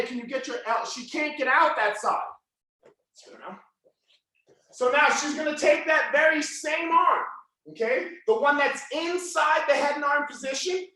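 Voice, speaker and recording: Loud, yelling jiu-jitsu coach. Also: male voice, very high-pitched, heavy reverb. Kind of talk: live online class instruction.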